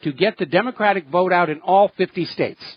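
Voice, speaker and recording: High-voiced indignant male radio host. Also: fairly quick, lo-fi sound. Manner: indignant, sarcastic. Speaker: radio talk show host. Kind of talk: political talk radio commentary.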